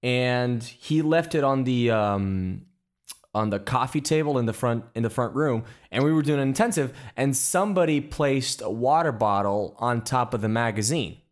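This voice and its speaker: A man hosting a casual interview and telling lively anecdotes about working as a photographer's assistant, with frequent restarts. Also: medium pitch, normal speed. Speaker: podcast host.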